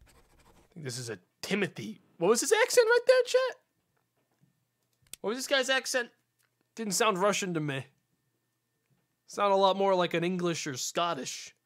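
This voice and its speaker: His voice sits high and swings hugely in pitch, with a fairly bright tone, an unhurried pace and long pauses. The man is a gaming streamer casually commentating live on a mystery game, puzzling it out aloud and talking with chat.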